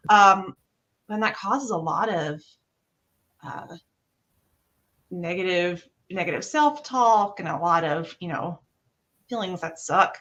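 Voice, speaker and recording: Bright-voiced woman in animated chat. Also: takes it slowly, pauses often. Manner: animated, acts out her own thoughts in a higher voice. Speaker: guest improviser and behavior analyst. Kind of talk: casual chat.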